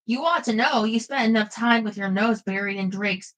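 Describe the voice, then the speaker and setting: A woman's voice: a little high, moderate pace, fairly bright tone, lightly acted, poor audio. A woman doing a wisecracking male demon dog. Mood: dry. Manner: wisecracking, greedy.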